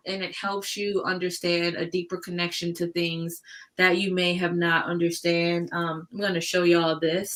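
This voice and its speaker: A woman's voice: on the low side, fairly bright tone. Hesitant woman chatting on a video call. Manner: hesitant, searching for words, laughs often. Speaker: book club participant. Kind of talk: casual chat.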